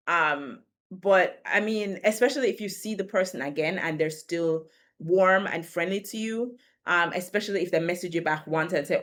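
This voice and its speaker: A woman's voice: on the low side, normal speed, fairly bright tone. Chatty woman in her thirties, laughing often. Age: 30s. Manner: chatty, laughs often, repeats words as she rethinks. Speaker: video creator. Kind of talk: casual direct-to-camera talk.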